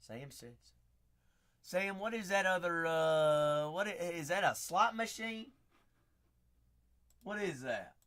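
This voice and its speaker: Raspy-voiced chatty male stream host. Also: sits high, expressive, takes it slowly, long pauses. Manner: chatty, hypes up viewers, shouts out names. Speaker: card break host. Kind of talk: live stream chat.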